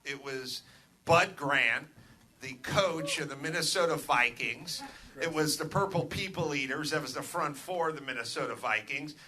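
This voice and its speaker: A middle-aged man hosting a live comedy podcast from a club stage, ranting with profanity and building to shouts. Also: on the high side, normal speed. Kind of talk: live stand-up style rant.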